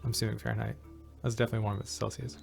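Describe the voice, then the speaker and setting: A man's voice: on the low side, little pitch movement, rapid-fire, creaky, darkish tone, faint music behind. Playful man reading stream chat. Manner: playful, reads chat comments aloud.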